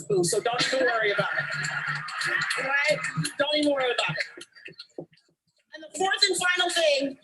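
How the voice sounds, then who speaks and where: High-voiced woman giving a stage talk. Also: fairly bright tone, low-quality recording. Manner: emphatic, direct address to the crowd. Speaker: motivational speaker. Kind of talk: stage speech.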